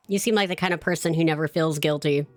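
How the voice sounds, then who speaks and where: A woman's voice: deep voice, no echo. A woman streaming a visual novel, reading the dialogue aloud and reacting in a playful, teasing, giggly way.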